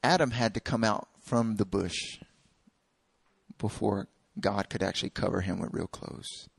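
A man's voice: fairly low pitch, a little slow, gravelly, slightly rough, dry recording. A man preaching a sermon in a conversational way, acting out little dialogues.

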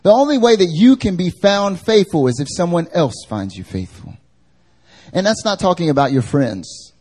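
A man preaching a live church sermon, animated and conversational, acting out everyday voices. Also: sits high, normal speed. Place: church service.

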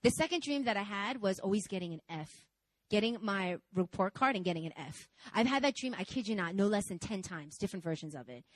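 A woman in her twenties preaching a sermon, telling a personal story in a candid, animated, conversational way. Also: mid-range voice, brisk, dry recording, low-quality recording. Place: church service.

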